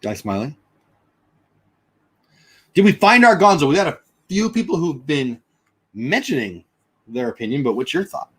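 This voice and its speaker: A man with a slightly husky, breathy voice chats loosely on his livestream, thinking out loud as he answers viewers. His pitch swings widely and freely as he goes. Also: sing-song, moderate pace, long pauses. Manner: chatty, rambling, thinks out loud. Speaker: livestream host. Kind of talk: casual livestream chat reading comments.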